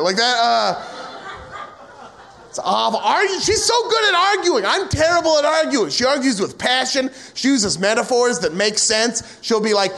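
A young man from the United States works through a stand-up comedy set in a strikingly high voice. He rambles, mocks himself and launches into profane rants, acting out little scenes along the way. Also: lively intonation, moderate pace, sharp tone. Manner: rambling, self-mocking, profane rants with acted-out asides.

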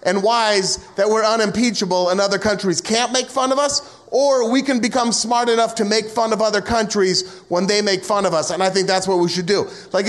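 A young American man doing a stand-up set, rambling and self-mocking, with profane rants and acted-out asides. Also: high-pitched. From United States. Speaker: stand-up comedian.

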